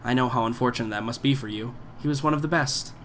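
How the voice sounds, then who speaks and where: A man's voice: medium pitch, quick pace, fairly bright tone, slight background noise, natural voice. A man voicing a poised, smiling woman crime boss who talks down to people with cold menace. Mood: patronizing. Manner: silky, condescending, calls people dearie.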